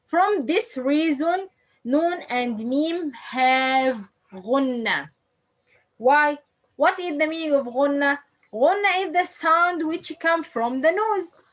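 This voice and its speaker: Woman, Arabic native speaking English, high voice, slow patient pronunciation teacher. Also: poor audio. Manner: slow, repeats letters and words for drilling, non-native English grammar. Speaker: Quran recitation teacher. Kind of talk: tajweed pronunciation lesson.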